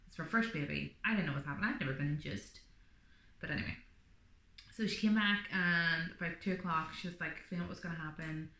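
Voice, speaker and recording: A woman's voice: low-pitched, fairly even intonation, fast talker, bright, forceful tone, echoey room, slight background noise. A woman vlogger telling her birth story in a chatty, rambling way, full of fillers. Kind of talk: casual birth story vlog.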